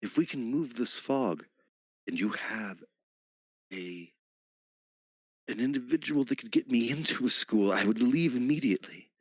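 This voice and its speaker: A man voicing a humble, bookish young man from a forest village, talking earnestly and haltingly. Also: lowish voice, no room sound, pitched above the performer's own voice. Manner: earnest, halting, soft-spoken. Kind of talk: tabletop game role-play.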